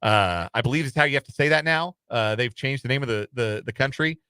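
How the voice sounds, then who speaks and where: A man's voice: mid-range voice, fairly quick, pushed and bright, clear, resonant tone, no room sound. A man hosting casual sports talk radio in a studio, rambling and self-deprecating with lots of fillers. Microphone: studio microphone.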